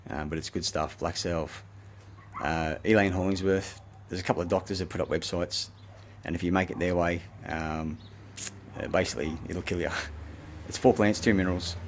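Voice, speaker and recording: A man with an Australian accent rants in a long, self-recorded monologue, swearing often and jumping from point to point. His voice sits very low, and a faint hiss runs underneath. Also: fairly even intonation, fairly quick. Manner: profane, agitated, rambling ranting. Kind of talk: rambling monologue.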